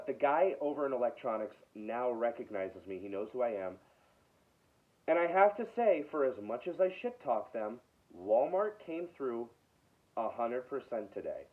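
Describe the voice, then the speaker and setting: Exasperated man ranting, tinny sound. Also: medium pitch. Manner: exasperated, repeats himself. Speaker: video host. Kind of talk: casual ranting story.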